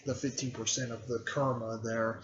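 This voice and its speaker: A man's voice: mid-range voice, flat delivery, moderate pace. A man recapping a story in a casual, rambling way, with loose phrasing and plenty of filler words. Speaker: video creator recapping a fan story. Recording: dull lo-fi recording.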